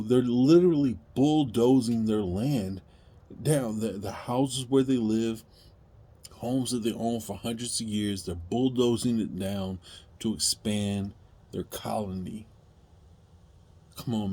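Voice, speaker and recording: A man speaking directly to viewers in an impassioned, emphatic monologue, pleading at times and rising to loud outbursts. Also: fairly low pitch, slightly rough. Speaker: video commentator.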